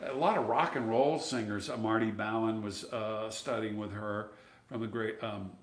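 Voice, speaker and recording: A man's voice: on the low side, fairly even intonation, moderate pace, reverberant. A man being interviewed, telling chatty stories about his singing lessons and sometimes singing a line to show a point. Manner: chatty, sings phrases to demonstrate. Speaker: interview guest. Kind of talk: storytelling interview.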